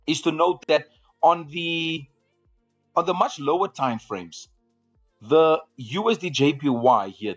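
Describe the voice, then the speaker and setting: A man's voice: mid-range voice, husky, dull audio. A man hosting a live trading room, giving market commentary and often repeating phrases to draw viewers along.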